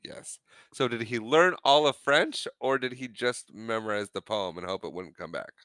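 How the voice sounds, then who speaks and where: A man's voice: mid-range voice, moderate pace, pushed and bright, no echo. A man co-hosting a podcast, casually recapping a movie scene by scene and acting out the characters' lines. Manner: retells scenes acting out quotes. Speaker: podcast co-host.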